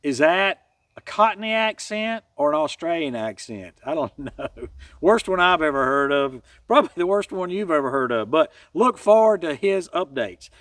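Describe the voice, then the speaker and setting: A folksy man with a high voice hosts a casual trail update, rambling and joking at his own expense. The sound is dry and set back from a distant mic. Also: expressive, moderate pace, a bit bright, no echo. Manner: folksy, rambling, self-deprecating jokes. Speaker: hiking channel host.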